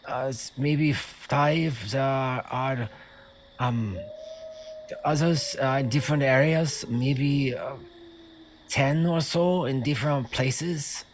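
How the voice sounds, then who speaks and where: A man's voice: mid-range voice, slow pace, slight background noise, pitched above the performer's own voice, close to an everyday voice. Frightened captive cult guard, stalling and stuttering, played by a man, slightly raised voice. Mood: nervous, evasive. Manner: stammering, hesitant, evasive. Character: nervous captured male cultist guard. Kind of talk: tabletop role-play voice.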